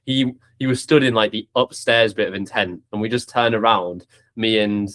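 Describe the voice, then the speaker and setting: A young man hosting a podcast, chatting casually with lots of swearing, restarts and bursts of excitement. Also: fairly low pitch, normal speed. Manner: swears freely, animated, many restarts. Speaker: podcast host. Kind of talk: casual chat.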